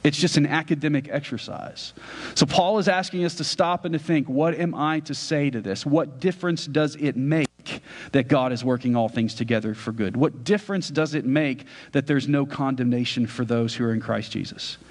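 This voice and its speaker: A man's voice: medium pitch, normal speed. A man preaching a sermon as a pastor, conversational, often checking in with his listeners. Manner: conversational preaching with frequent "right?" asides. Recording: church hall reverb.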